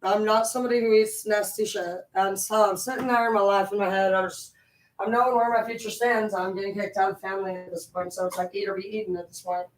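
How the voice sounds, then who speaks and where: A woman vlogger telling a story in casual, animated, profane chat. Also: mid-range voice, quick pace, roomy sound, recorded from a distance, slight background noise, poor audio. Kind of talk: casual rambling chat while cleaning.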